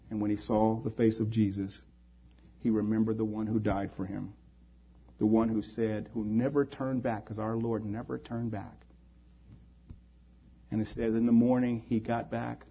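A man's voice: lowish voice, breathy edge, highs cut off. A male preacher at a church service, giving an altar call and closing prayer in a pleading, inviting way. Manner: pleading, invites hands raised.

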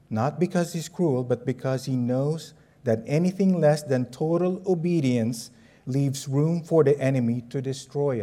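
A Filipino preacher with a higher-pitched voice mixes a personal story into his sermon, drawing the audience in with questions in a lively, chatty style.

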